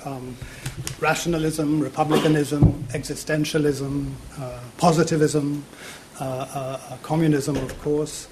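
A man's voice: on the high side, little pitch movement, unhurried, heavy background noise. Hesitant man giving a public lecture. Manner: hesitant, many fillers and repeated words. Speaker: university politics lecturer. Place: university lecture theatre.

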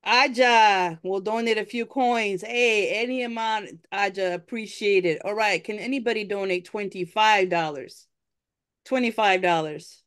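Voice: mid-range voice, a little slow, a bit bright, clear, resonant tone. An event host running a live fundraising appeal at a town hall, upbeat, coaxing and chatty.

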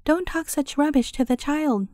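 A woman's voice: high-pitched, normal speed, mellow, dry recording, studio quality, natural voice. A woman voicing a mother who sells vegetables at a market in a storybook, speaking plainly and politely. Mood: firm. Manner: polite, then firm.

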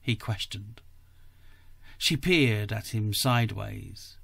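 A man, a podcast host, reading a story aloud in a measured, careful way. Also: lowish voice, vocal fry, fairly bright tone, no echo.

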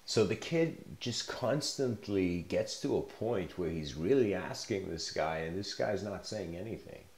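A man's voice: deep voice, expressive, slow, a little mellow, a little hiss or hum. A man giving a casual spoken lecture, telling a story in a rambling way, full of fillers. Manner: rambling, filler-heavy, laughs often. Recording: echoey room.

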